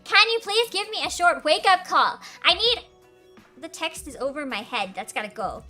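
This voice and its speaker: A woman's voice: very high-pitched, big pitch swings, normal speed, pushed and bright. A young woman hosting a casual livestream Q&A, chatty and giggly, with lots of "like". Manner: giggly, chatty, says "like" a lot. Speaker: streamer hosting a Q&A. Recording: faint background music.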